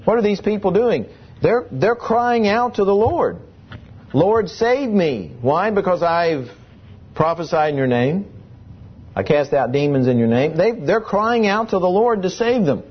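Male preacher, higher voice, husky, dull lo-fi sound, emphatic sermon delivery. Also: lively intonation, normal speed. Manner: emphatic, rhetorical questions.

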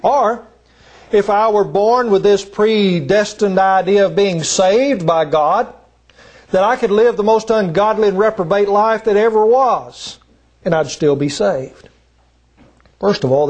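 High-voiced preacher giving a deliberate sermon. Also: male voice, a little mellow. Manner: deliberate, emphatic, with frequent "uh" pauses. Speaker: visiting gospel preacher. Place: church.

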